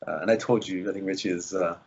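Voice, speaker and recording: A man's voice: sits low, steady tone, fast, a little mellow, breathy edge, highs cut off. A man, an actor, chatting in an interview, rambling with lots of fillers and restarts. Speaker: actor guest. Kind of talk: casual interview chat.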